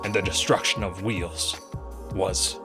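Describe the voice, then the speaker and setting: A man voicing a male wheelwright NPC, giving a slow, solemn, overdramatic speech with a faraway tone. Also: deep voice, steady tone, over music, pitched below the performer's own voice. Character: grandiose male wheelwright delivering an overdramatic monologue.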